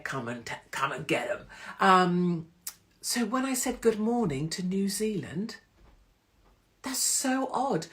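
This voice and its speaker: A middle-aged woman hosting a casual live-stream chat on her phone, teasing and greeting viewers by name. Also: medium pitch. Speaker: host of a live online pub show. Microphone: phone livestream.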